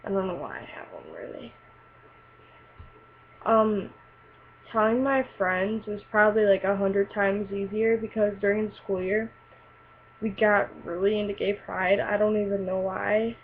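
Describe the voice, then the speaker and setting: A woman's voice: medium pitch, measured pace. A teenage girl telling a personal story in a casual, rambling way, full of fillers and likes. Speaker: vlogger. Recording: tinny lo-fi webcam audio with faint hiss.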